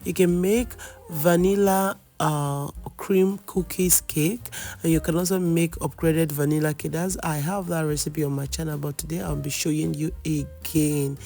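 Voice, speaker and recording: A baking channel host with a hoarse, worn voice, chatting through a cooking tutorial, reassuring and repeating advice. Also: mid-range voice, steady tone, normal speed, dark tone, faint music behind. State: hoarse, lost voice.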